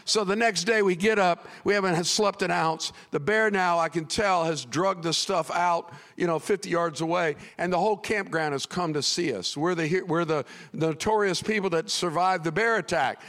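A middle-aged male pastor telling a comic story in a sermon, animated and prone to sudden shouts. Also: sits high, moderate pace, few pauses, big-room sound.

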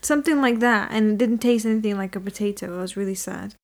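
A woman's voice: mid-range voice, quick pace, a crowd in the background. A woman in casual chat, telling stories with eager gasps. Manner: enthusiastic, gasping storyteller.

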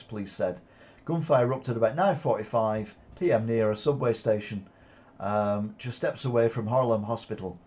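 A man with a mellow, dark-toned voice reads headlines and cuts in with sardonic opinions. He swears freely and chuckles at the absurd stories. It sounds like a casual news commentary vlog. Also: fairly low pitch.

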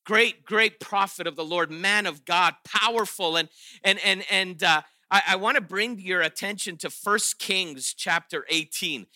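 A man preaching a sermon, animated and playful, often restarting his sentences and acting out quotes with sarcasm. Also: high-pitched, unhurried, no echo, studio quality. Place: chapel or auditorium.

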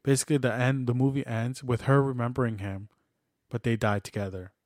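A man's voice: mid-range voice, steady tone, fairly quick, a little mellow, dry recording, clean studio sound. A man in casual podcast chat, retelling a film plot with restarts and acted-out dialogue. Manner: rambling storyteller, many restarts and acted-out dialogue. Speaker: podcast co-host.

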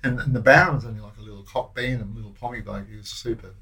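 A man's voice: on the low side, steady tone, racing, sharp tone, poor audio. Older Australian man telling rambling prison stories. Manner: rambling, anecdotal, with slang and restarts. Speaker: former prison officer, guest. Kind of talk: casual interview storytelling.

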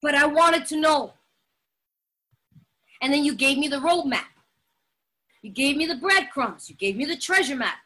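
A woman with a high, bright voice tells her personal story in an animated and dramatic way, stressing her words and laughing often. She speaks straight to her listeners, as at a recovery meeting. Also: moderate pace, long pauses. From Latin American heritage. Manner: laughs often while talking. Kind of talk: personal testimony talk.

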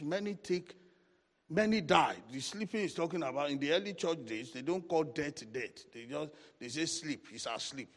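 Gravelly, animated male Bible teacher. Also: on the high side, long reverb tail. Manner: animated, lively preaching with rising exclamations and asides.

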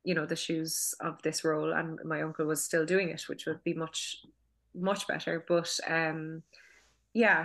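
Woman, Cork Irish accent, thirties, low pitch, bright forceful tone, chatty with restarts, casual interview from home. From Cork, Ireland. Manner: chatty, many restarts and fillers, laughs often. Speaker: filmmaker and acting school director.

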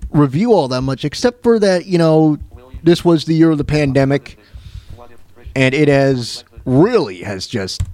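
Rambling male radio host, lively pitch. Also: no echo. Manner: rambling, with many restarts and fillers. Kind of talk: casual solo radio talk.

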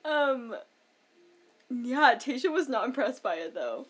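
Chatty woman with a slightly high voice. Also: sing-song, takes it slowly, husky, soft background music. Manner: chatty, lots of "like", laughs often. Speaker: podcast co-host. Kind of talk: casual chat recapping a reality show.

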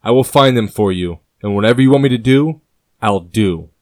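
A man's voice: fairly low pitch, normal speed, close to an everyday voice. A man voicing a loyal major-general who speaks steadily and earnestly. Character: loyal male major-general, calm and devoted.

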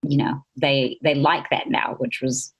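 A woman's voice: very deep voice, fairly even intonation, a little slow, husky. A woman in her thirties with a New Zealand accent, chatting as a podcast guest, laughing often and speaking with lots of animation. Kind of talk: casual interview chat.

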